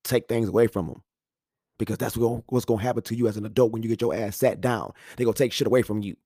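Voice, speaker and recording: Man, thirties, lively storyteller on a podcast mic, dry close sound. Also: on the low side, fast, breathy edge, dry recording. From Houston, Texas. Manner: animated storytelling, acts out voices, laughs often. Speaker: podcast talker. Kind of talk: casual monologue. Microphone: studio microphone.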